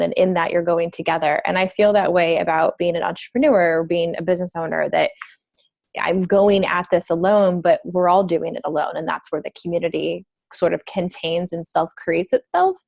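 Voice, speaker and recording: Low, gravelly-voiced woman podcast host. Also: darkish tone, no echo. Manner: thoughtful, long flowing sentences, drops to near whisper at times. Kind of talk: reflective conversational interview.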